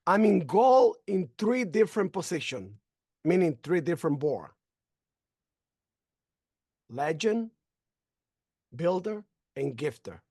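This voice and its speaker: Animated man telling his testimony. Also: sits high, takes it slowly, long pauses, breathy edge, no echo, studio quality. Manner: animated, acting out conversations, stumbling fillers; emotional, faith-filled. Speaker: member sharing a testimonial. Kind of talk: personal testimony storytelling.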